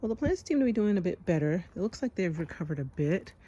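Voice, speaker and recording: A woman's voice: lowish voice, sing-song, quick pace, warm tone, highs cut off. A woman in her thirties walking through her backyard garden and talking to viewers in a chatty, sighing way, calling them y'all. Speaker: homestead vlogger. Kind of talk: casual garden vlog.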